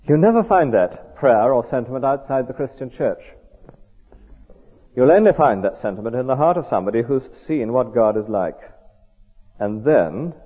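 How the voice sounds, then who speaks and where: Earnest preacher in a tinny hall. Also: male voice, medium pitch, sing-song, husky. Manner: earnest, measured, conversational. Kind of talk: sermon. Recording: tinny echoey hall recording.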